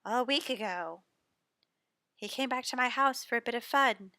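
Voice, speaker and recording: A woman's voice: a little high, moderate pace, sharp tone, no room sound, studio quality. A woman voicing a young woman grieving her missing lover, spoken with emphasis and a touch of wistfulness in a game reading. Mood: wistful.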